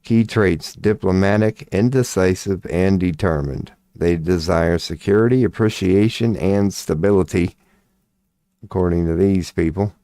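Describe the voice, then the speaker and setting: Deep, slow-talking man. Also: warm tone, dry recording. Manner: laid-back, profane, muttering while working on the computer. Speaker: astrology streamer. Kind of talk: casual live-stream commentary.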